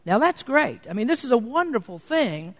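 A man preaching to his congregation, earnest and steady, slowing his delivery to lean on important words. His voice sits notably high for a man. The sound carries a long reverberant tail from a church hall. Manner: earnest preaching, slows for emphasis. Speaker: pastor. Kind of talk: sermon.

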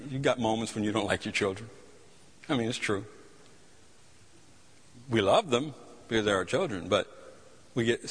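A man's voice: on the low side, a bit bright, breathy edge. A man preaching a sermon, telling stories passionately with frequent restarts. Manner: impassioned storytelling preacher with repeated restarts. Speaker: pastor. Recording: long hall reverb.

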